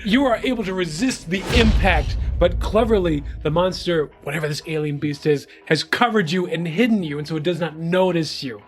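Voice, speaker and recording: A man's voice: a little high, normal speed, few pauses. A man narrating a tabletop game as game master, descriptive, with filler words.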